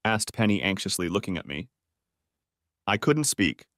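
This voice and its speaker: A male narrator reading a first-person story aloud with dramatic feeling. His mid-pitched voice rises and falls widely, and the recording is close and dry. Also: very animated, normal speed, a bit bright, no echo.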